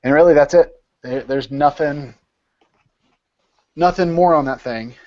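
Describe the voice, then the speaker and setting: A man's voice: fairly high pitch, unhurried, darkish tone, highs cut off. A man leading an informal study session over a video call, explaining step by step and repeating words as he thinks.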